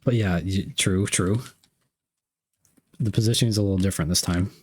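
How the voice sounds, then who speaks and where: A man's voice: low voice, a little fast, husky. A young man streaming live, reading chat messages aloud and unboxing gifts, playful and repeating himself.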